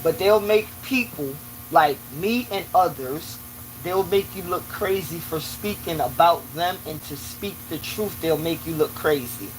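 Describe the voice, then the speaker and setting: Hosting a relaxed live stream from a small office at his job, this man speaks unhurriedly in a fairly high voice. He strings together loose, run-on phrases and leans heavily on "you know," growing loud and preachy when annoyed. The audio is rough, with slight background noise.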